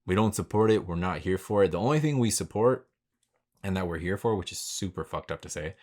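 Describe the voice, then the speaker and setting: A man's voice: deep voice, lively intonation, brisk, a little mellow. A man hosting his own podcast, talking in a laid-back, rambling way with lots of slang and swearing. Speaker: podcast host. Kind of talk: casual solo podcast monologue.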